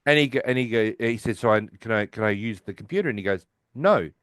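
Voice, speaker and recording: A man's voice: on the low side, fast talker, a bit bright, clean tone, no room sound. A man co-hosting a podcast, casually retelling a sitcom episode and acting out the characters' lines. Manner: rambling, acts out characters' lines while retelling. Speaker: podcast co-host. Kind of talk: casual episode recap chat.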